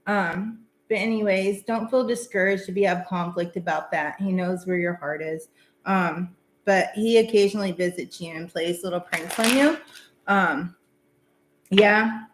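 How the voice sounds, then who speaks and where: A woman's voice: on the low side, a little slow. A woman hosting a live tarot reading stream, talking casually and rambling with lots of fillers. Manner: chatty, rambling, many fillers. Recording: echoey room.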